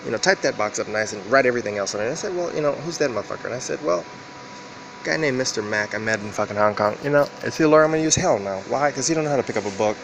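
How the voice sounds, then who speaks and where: Fast-talking profane man rambling over noise. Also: animated, creaky. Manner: profane, rambling, acts out quoted exchanges with pitch jumps. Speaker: vlogger. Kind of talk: rambling monologue to camera. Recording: loud background ambience.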